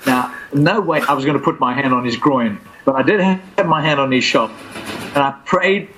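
A man's voice: mid-range voice, moderate pace, a little hiss or hum, poor audio. A man telling a long personal faith story in conversation, acting out the voices of the people in it. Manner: animated, acts out quoted voices. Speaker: guest storyteller.

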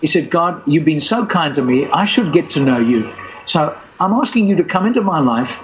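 A man with a somewhat high voice tells a story in an animated, conversational way, slipping into other people's voices as he quotes them. A faint hiss sits under the recording. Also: moderate pace, muffled recording. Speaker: guest storyteller.

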